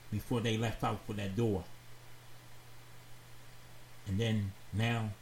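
A man hosting a radio talk show, giving heartfelt advice in a slow, earnest, preachy way and repeating phrases for emphasis. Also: on the low side, a little mellow. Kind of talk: heartfelt advice monologue to listeners. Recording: roomy echoey sound with faint background noise.

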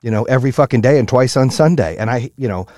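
A man giving a blunt, profane motivational rant, high-strung and fired up. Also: lively intonation, quick pace, darkish tone, dry recording, clean studio sound. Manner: blunt, heavy swearing, fired-up. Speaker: motivational speaker.

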